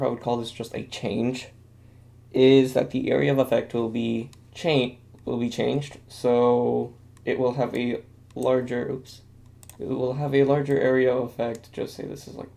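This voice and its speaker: Gravelly young man rambling casually. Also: medium pitch, dark tone. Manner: rambling, self-deprecating, many fillers. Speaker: video game commentator. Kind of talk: casual commentary while drawing.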